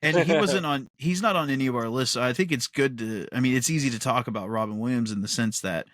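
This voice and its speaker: A man's voice: mid-range voice, fast, fairly bright tone, no room sound, studio quality. A man co-hosting a podcast in a casual chat, rambling with enthusiasm and laughing often. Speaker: podcast co-host.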